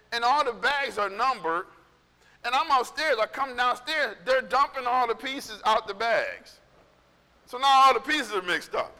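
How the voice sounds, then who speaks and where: A male pastor preaching in a casual storytelling way, animated and conversational, acting out what people said. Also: extremely high pitch, in a large hall. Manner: animated, conversational, acts out quotes. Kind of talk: storytelling sermon.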